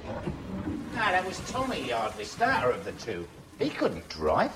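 A man's voice: high-pitched, wildly swooping pitch, measured pace, a crowd in the background, voice pushed up, exaggerated voice. A man voicing a chatty middle-aged pub mate who banters. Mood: bantering.

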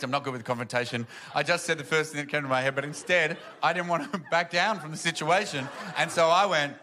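A man's voice: a little high, a little fast, few pauses, pushed and bright, slight background noise. A man performing a rambling, self-deprecating stand-up comedy set on stage, with audience laughter around him. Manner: rambling, self-deprecating storytelling with many fillers.

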